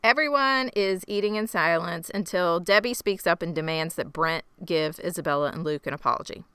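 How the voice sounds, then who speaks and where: A woman's voice: on the low side, a little fast, pushed and bright, clear, resonant tone, dry recording. A woman co-hosting a podcast, recapping a TV episode in casual chat with wry, sarcastic asides. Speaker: podcast co-host.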